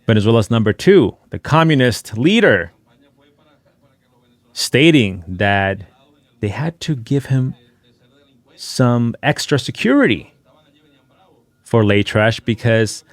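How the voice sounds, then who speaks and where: A man narrating over social media clips in a mocking, indignant tone as a channel host. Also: medium pitch.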